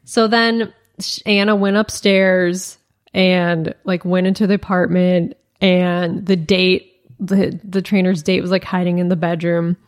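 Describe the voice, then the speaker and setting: Woman podcast host, casual storyteller, animated, drops into quoted voices, filler-heavy. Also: fairly low pitch, measured pace. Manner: animated retelling, acts out quoted dialogue, many "like" fillers.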